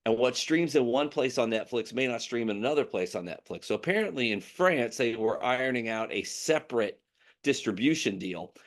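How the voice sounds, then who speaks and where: A man's voice: medium pitch, lively intonation, brisk. A man hosting a casual news chat, talking in a rambling way with many fillers and restarts. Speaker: podcast host.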